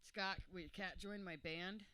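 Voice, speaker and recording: A man's voice: high voice, fairly even intonation, normal speed, a crowd in the background. A man in his forties, overwhelmed and joking, rambling through thank-yous to friends at his birthday roast. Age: 40s. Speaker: birthday roast guest of honor.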